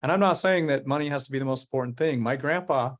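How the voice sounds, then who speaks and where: Man, middle pitch, earnest founder giving motivational interview answers, leans on key words. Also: fast. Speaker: company founder and CEO.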